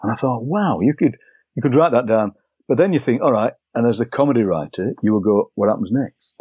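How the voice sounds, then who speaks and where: Older male poet, anecdotal storyteller, husky low voice, dry and slightly muffled recording. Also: expressive, brisk, dry recording. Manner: chatty, anecdotal, acts out overheard lines. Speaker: poet and broadcaster, interview guest. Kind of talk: relaxed storytelling conversation.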